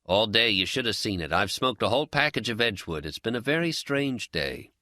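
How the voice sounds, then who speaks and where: A man reading an audiobook and voicing a calm, teasing male friend who is a pipe smoker with a Zen streak. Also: on the low side, no echo, pitched above the performer's own voice. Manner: teasing, dry, unhurried. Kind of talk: audiobook character dialogue.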